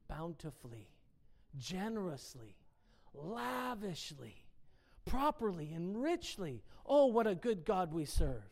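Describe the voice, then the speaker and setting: A woman's voice: high voice, darkish tone. A woman giving a casual devotional Bible teaching. She reads word definitions aloud, lingers on single words and asks her listeners rhetorical questions. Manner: emphatic, dwells on single words.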